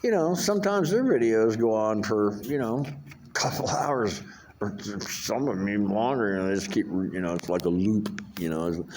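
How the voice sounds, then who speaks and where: Older man, low voice, rambling vlog monologue, profane, lots of fillers. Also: moderate pace, darkish tone, slight background noise. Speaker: vlogger.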